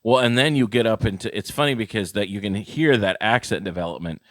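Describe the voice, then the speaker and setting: Casting: low-voiced male podcast co-host, rambling casual chat, dry close sound. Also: a little fast, no echo. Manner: rambling, loose, full of restarts and fillers.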